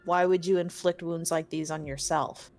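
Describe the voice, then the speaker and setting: A woman's voice: fairly low pitch, steady tone, moderate pace, a little mellow, soft background music. A woman taking part as a player in a tabletop game, direct and questioning. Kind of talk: casual tabletop play.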